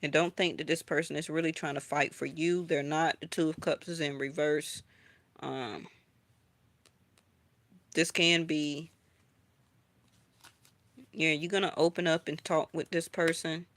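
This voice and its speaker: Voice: medium pitch, steady tone, measured pace, pauses often, fairly bright tone, dry recording. Blunt tarot reader in a dry room. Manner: blunt, repeats "okay?" to check in with viewers; frequent "um" and restarts. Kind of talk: casual tarot reading for viewers.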